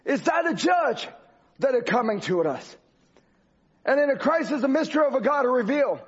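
A man's voice: extremely high pitch, big pitch swings, moderate pace. A man preaching a sermon with an emphatic, repetitive cadence. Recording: dull lo-fi recording.

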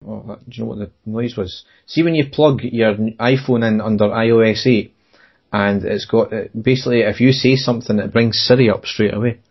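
A man's voice: on the low side, steady tone, a little fast, breathy edge. A Scottish man co-hosting a football podcast, joking and laughing often and restarting his lines. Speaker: podcast co-host. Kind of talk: casual football podcast banter. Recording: dull lo-fi audio with faint noise.

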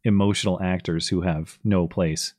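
A man's voice: low voice, steady tone, normal speed, darkish tone, no room sound, studio quality. A man hosting a podcast, giving sarcastic, mocking political commentary. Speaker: podcast host.

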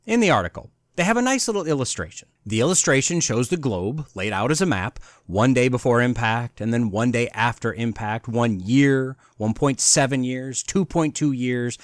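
A man's voice: medium pitch, animated, normal speed, hardly any pauses, no echo, clean studio sound. A man hosting a podcast, sarcastically mocking an article as he reads quotes from it aloud. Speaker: podcast host.

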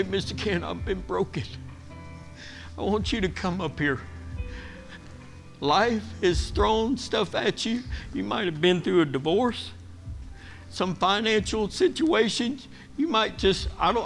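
A man's voice: high-pitched, measured pace, creaky, long pauses, fairly bright tone, soft background music. A middle-aged man preaching a sermon in a church, earnest and emotional, rising and pressing as he is stirred. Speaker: guest preacher. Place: church sanctuary.

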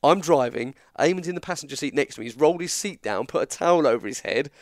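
An English man spins a story in a relaxed chat, his voice swinging widely up and down as he acts out what others said. The sound is close and dry, with little room around it. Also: on the high side, quick pace, no echo. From England. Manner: animated, acts out dialogue in quotes. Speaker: guest storyteller.

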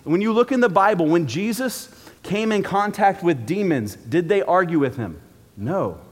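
A man's voice: sits high, animated, moderate pace. A man preaching a sermon in a church auditorium, in a casual, joking, conversational way. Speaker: pastor. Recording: long reverb from a large hall.

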